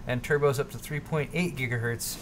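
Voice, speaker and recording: Brief: man, host, mid pitch, thinks aloud with restarts, faint noise behind. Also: fairly even intonation, fairly quick. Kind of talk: casual tech chat.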